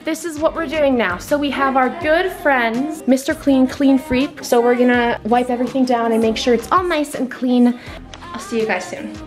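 A woman's voice: high voice, moderate pace. A young woman, a college freshman, chatting casually and enthusiastically as she vlogs unpacking in her dorm room, often saying "literally" and "like.". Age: young adult. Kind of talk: casual vlog narration. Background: music playing in the room.

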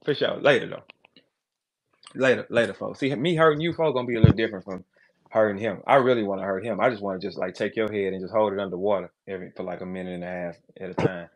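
A man hosting a live audio call, trash-talking loudly and then turning low and calm. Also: fast, a crowd in the background. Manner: loud, brash trash talk, swings to low calm. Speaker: battle rap host.

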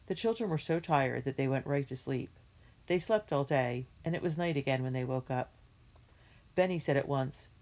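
A woman's voice: a bass voice, a little mellow. Woman reading a children's story aloud. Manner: clear, measured storytelling. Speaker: reader.

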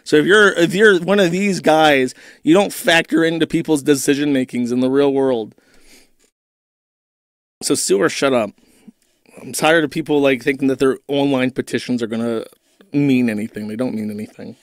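A man's voice: on the high side, moderate pace, no echo, clean studio sound. A man hosting an online commentary show, ranting in a blunt, profane and mocking way. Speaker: host.

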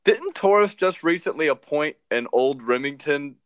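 A man's voice: a little high, lively intonation, moderate pace, clear, resonant tone, no echo. A man co-hosting a podcast in casual chat, blunt and opinionated, often repeating words. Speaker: podcast co-host.

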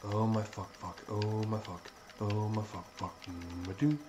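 A man giving live commentary on his own gameplay, swearing constantly and breaking into excitable outbursts. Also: fairly low pitch, measured pace, background noise. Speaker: let's play streamer. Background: game music.

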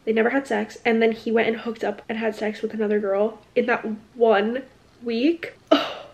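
A young woman vlogging casually about books, ranting with animated exasperation and acting out quoted lines. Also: a little high, normal speed. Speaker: book vlogger. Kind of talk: casual chat.

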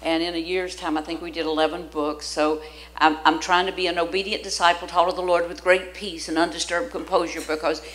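A woman's voice: fairly low pitch, level tone, brisk, low-quality recording. An older woman preaching in church, telling stories with lots of energy, acting out the voices she quotes and laughing often. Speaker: guest preacher. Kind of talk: sermon with storytelling. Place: church sanctuary.

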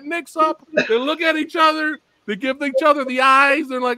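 A man hosting an interview, telling an excited story about his reactions and swearing freely as he acts them out. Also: extremely high pitch, normal speed. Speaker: interview host. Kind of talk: excited storytelling, casual chat.

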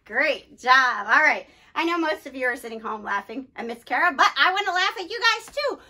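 A woman leading a children's club, talking playfully to kids at home and telling them a story. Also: sits high. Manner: lively and playful, addressing kids directly. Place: church setting, streamed to children at home.

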